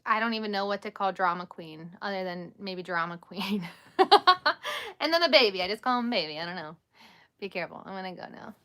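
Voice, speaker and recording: A woman in her thirties speaks in a bright, forward voice. She chats loosely with her viewers on a late-night livestream from home, laughing easily and answering their questions as they come. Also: medium pitch, clean tone. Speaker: livestream host. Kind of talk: casual live chat with viewers.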